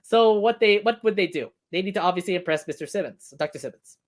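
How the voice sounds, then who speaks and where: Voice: mid-range voice, animated, fast. A co-host of a cartoon review stream recaps episodes in easy, chatty talk, often breaking into laughter between points. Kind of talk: casual review chat.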